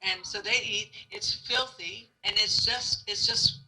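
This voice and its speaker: A middle-aged woman giving a lively spoken testimony to a student audience, acting out the quotes in her story and laughing along. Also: mid-range voice, measured pace, poor audio. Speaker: guest speaker.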